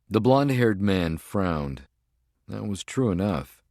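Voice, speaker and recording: A man with a low voice reads a thriller audiobook in a measured, deliberate way. The recording is dry and close, with no room sound. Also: big pitch swings, a little mellow, no echo. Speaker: audiobook narrator. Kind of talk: scripted narration.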